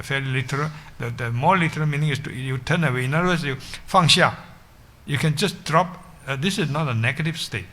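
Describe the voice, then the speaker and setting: A male Buddhist teacher gives a dharma talk, explaining ideas patiently. His voice is bright and forward, and he often restarts phrases and checks in with a quick "yeah?". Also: mid-range voice.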